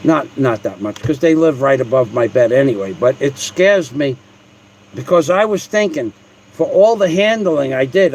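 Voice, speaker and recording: A man's voice: medium pitch, darkish tone, a little hiss or hum, low-quality recording. A man hosting a livestream at home, talking in a mocking, profane, rambling way with restarts. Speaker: livestream host. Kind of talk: casual livestream rant.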